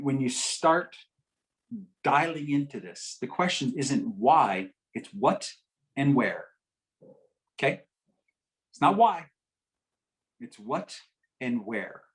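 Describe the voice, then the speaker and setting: A middle-aged man giving a talk at a community health forum, telling a patient story with lively swings between loud emphasis and hushed, gentle quotes. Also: mid-range voice, takes it slowly, pauses often, rough recording.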